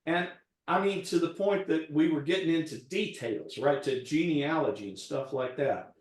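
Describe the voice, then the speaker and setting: A man's voice: a little high, normal speed. A man, a guest chef, telling a rambling personal story in casual chat while cooking. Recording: roomy echo.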